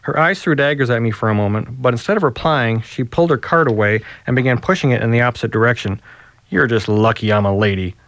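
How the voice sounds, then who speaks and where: A man, an author, reading his own novel aloud with wry, deadpan narration. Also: mid-range voice, fast, few pauses, dry recording.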